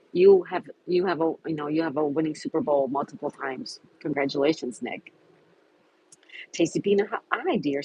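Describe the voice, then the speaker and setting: A man's voice: on the high side, darkish tone, slight background noise, low-quality recording. A man hosting a casual livestream, reading viewer comments aloud and greeting chatters by name. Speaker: livestream host. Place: home in Florida.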